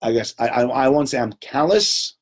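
A man giving an informal Torah talk to a small group, conversational and animated, often checking in with "right?" and acting out little voices. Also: mid-range voice, normal speed. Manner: acts out little voices and sounds while telling stories.

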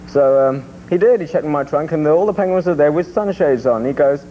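A man's voice: fairly high pitch, fast, mellow. A man co-hosting a casual morning radio show, joking around and laughing often. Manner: jokey, tells gags, laughs often. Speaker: radio co-host. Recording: dull radio audio with faint hiss.

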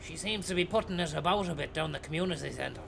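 A man's voice: on the high side, quick pace, creaky, background noise. An Irish man streaming a bus-driving game, chatting with passengers in a teasing way and repeating catchphrases. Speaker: streamer playing a bus driver. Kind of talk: comedic live-stream banter.

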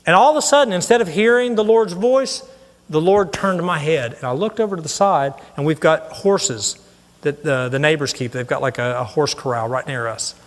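A man's voice: fairly high pitch, moderate pace. Earnest preacher man in a reverberant hall. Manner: storytelling, earnest and animated. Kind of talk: sermon.

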